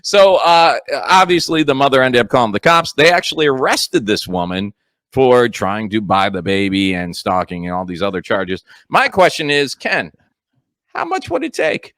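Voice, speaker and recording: A man's voice: medium pitch, expressive, normal speed, a bit bright, no room sound. A middle-aged man hosting a comedy podcast, telling stories in casual banter and acting out the people in them. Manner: storytelling, acting out quoted voices.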